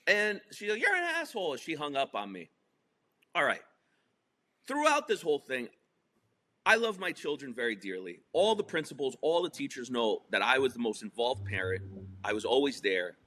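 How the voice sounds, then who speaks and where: This middle-aged podcast guest, from the New Jersey/New York area, tells a story in a casual interview. His medium-pitched voice is pushed and bright, and his delivery is emphatic and profane.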